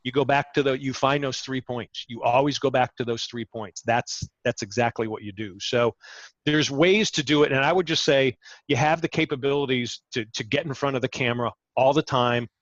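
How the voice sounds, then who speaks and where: Middle-aged man, ex-TV reporter, energetic guest who stumbles into sentences; dull, dry call audio. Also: mid-range voice, normal speed, no echo. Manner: energetic, repeats words when starting sentences. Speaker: interview guest, former TV reporter. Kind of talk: conversational advice.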